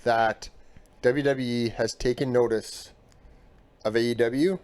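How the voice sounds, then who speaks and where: A man co-hosting a casual podcast, talking excitedly about the week's shows with quick bursts. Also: medium pitch, smooth. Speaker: podcast co-host. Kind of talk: casual chat.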